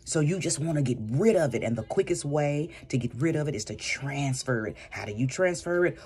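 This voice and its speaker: A woman's voice: low voice, lively intonation, a little fast, few pauses, darkish tone, slightly rough. A woman who does spiritual readings, giving an emphatic advice monologue and repeating phrases for stress. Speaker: spiritual reader and vlogger.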